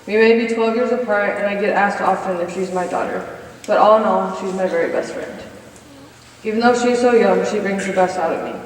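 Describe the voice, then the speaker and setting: Speaking fairly quickly at medium pitch, a woman in her twenties, a college senior, shares her testimony in chapel, earnestly working from notes and calling for slides. The distant recording catches the hall's echo and slight background noise.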